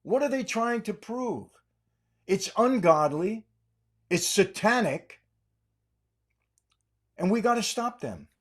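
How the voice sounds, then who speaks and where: A man's voice: high-pitched, expressive, takes it slowly, pauses often, a bit bright. An older American man hosting a podcast, delivering an angry, insulting political rant and repeating himself for emphasis. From United States. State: aggravated. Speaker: podcast host.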